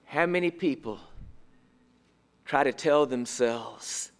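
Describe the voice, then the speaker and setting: A man preaching a sermon, asking rhetorical questions and swinging between emphatic and hushed delivery. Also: high-pitched, lively intonation, takes it slowly.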